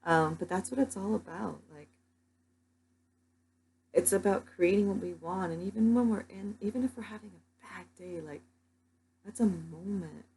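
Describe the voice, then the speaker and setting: A woman's voice: mid-range voice, moderate pace, long pauses, slight background noise, low-quality recording. A young woman telling her dreams in a casual vlog, rambling with lots of "like" fillers. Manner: rambling, many "like" fillers, soft-spoken. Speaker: vlogger.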